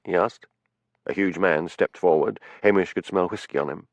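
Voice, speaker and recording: A man narrating a cozy mystery audiobook with expressive storytelling. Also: sits low, brisk, dry recording. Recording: dull, muffled studio audio.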